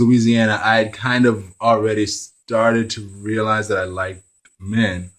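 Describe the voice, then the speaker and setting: A man's voice: on the low side, rough recording. A man talking candidly to camera in a casual vlog, rambling with self-deprecating, apologetic asides. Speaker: vlogger.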